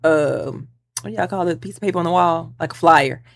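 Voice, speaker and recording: Fast-talking woman storyteller. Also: deep voice, creaky, no room sound, clean studio sound. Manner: lively storyteller, acts out quoted voices. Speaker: guest attorney. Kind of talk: storytelling interview.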